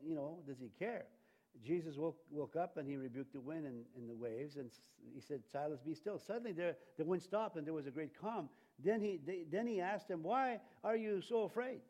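A man delivers a sermon in a loose, conversational way, stumbling through restarts and fillers. His voice sits a bit high for a man. He jumps to loud, forceful bursts when he stresses a point. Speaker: preacher.

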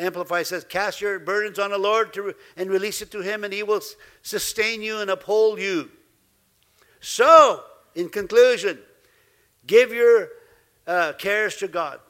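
High, bright-voiced man preaching a sermon. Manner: lively, laughing asides, acts out quoted voices. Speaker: pastor.

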